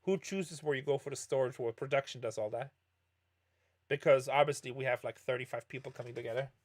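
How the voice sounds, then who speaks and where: This middle-aged man talks fairly quickly in a medium-pitched voice while streaming poker. His casual chat with viewers is rambling, full of storytelling and frequent self-corrections.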